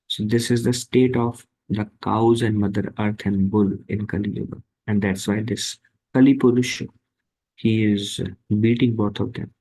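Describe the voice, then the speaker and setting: A man giving a devotional scripture class, speaking slowly and haltingly with many fillers. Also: lowish voice, a little mellow, breathy edge, poor audio.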